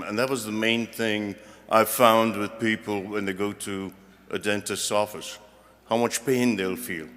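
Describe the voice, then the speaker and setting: A university regent gives a commencement speech from a podium in a large ceremony hall, joking, rambling and self-deprecating. His voice is lowish but fairly bright, and a long hall reverb surrounds it.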